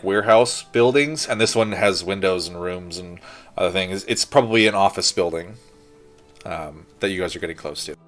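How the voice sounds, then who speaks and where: Low-voiced man running a tabletop game. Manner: relaxed, rambling with many fillers. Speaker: game master.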